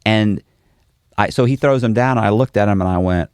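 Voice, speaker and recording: A man with a low, gravelly voice tells his story in a relaxed interview. He animates it by doing the voices of the people in it. The sound is close and dry, with no room around it. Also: brisk, no echo. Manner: animated storyteller, acts out quoted dialogue. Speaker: interview guest.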